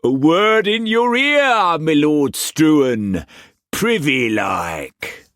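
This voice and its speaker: A man reading an audiobook, voicing a brash, swaggering pirate captain in his thirties with a slow, drawling, sing-song manner. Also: a little high, sing-song, fairly bright tone, no room sound, studio quality, pitched above the performer's own voice, heavily acted. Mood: hailing.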